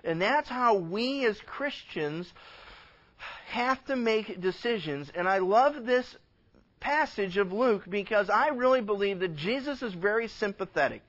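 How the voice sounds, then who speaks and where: A man, a pastor, teaching a Bible passage in an impassioned sermon, swinging from loud emphatic lines to quiet asides and acting out bits of dialogue. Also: high voice, lively intonation, highs cut off. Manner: acts out dialogue with God and others in quick conversational voices.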